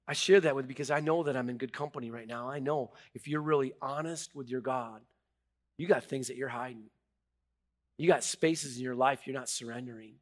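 A middle-aged man, a pastor preaching a sermon, who swings from hushed confession to loud, rising emphasis and halts and repeats words when moved. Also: mid-range voice, moderate pace.

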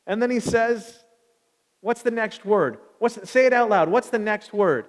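A man's voice: high-pitched, animated, a little fast. A man preaching a sermon as pastor, talking conversationally and putting questions to the congregation. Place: church sanctuary. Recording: long reverb of a large hall.

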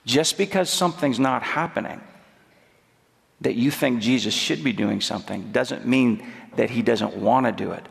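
Gravelly-voiced preacher man in a reverberant hall. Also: moderate pace. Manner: emphatic preaching, drops to low quiet intensity on repeated phrases. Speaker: guest preacher. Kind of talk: sermon.

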